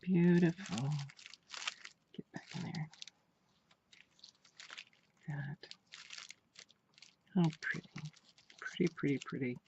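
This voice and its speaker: Gushing woman with a gravelly voice. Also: sits low, slow, pauses often, a little mellow, a little hiss or hum. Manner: gushing, keeps repeating praise. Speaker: craft vlogger. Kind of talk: casual unboxing chat. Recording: dull lo-fi home recording.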